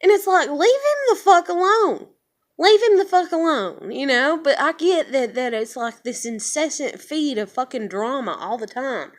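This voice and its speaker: Woman vlogger with a somewhat high voice, frustrated and swearing constantly through a casual rant to camera. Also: lively intonation, normal speed. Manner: frustrated, heavily profane ranting. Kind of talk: casual venting monologue to camera.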